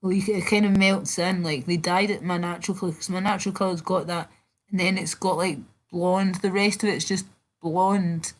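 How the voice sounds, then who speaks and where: Chatty British woman livestreaming, low voice. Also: steady tone, normal speed. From Britain. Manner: chatty, sweary, reads and answers chat. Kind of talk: casual live-stream chat.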